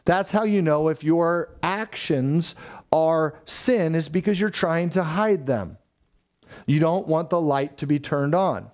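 A man's voice: a little high, takes it slowly, darkish tone. A man preaching a sermon as pastor, emphatic, repeating phrases for stress and asking the congregation questions. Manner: asks the congregation rhetorical questions.

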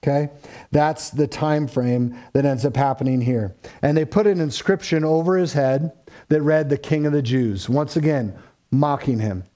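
Man preaching, mellow warm voice, a touch high, swells for emphasis, goes soft and low on solemn lines. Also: normal speed. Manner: rises in pitch and volume for emphasis, drops low for solemn points. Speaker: pastor. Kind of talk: expository sermon.

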